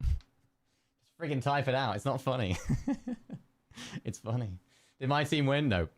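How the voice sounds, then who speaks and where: A man's voice: medium pitch, expressive, a little slow, dry recording. A young man streaming live, muttering one-word guesses to chat, keyboard clicks behind. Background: keyboard clicks and typing.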